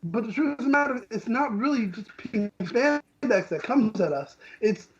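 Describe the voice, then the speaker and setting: A man's voice: very high voice, lively intonation, moderate pace, muffled recording. A man co-hosting a podcast, ranting with indignation about industry gatekeepers. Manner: heated, indignant, quotes people in voices. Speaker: co-host. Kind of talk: casual podcast rant.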